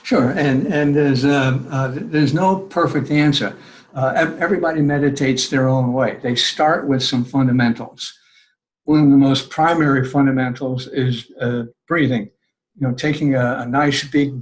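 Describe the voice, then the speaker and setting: An older man speaking as a podcast guest, giving earnest, conversational advice and acting out people's words in lively voices. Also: medium pitch, measured pace, rough recording.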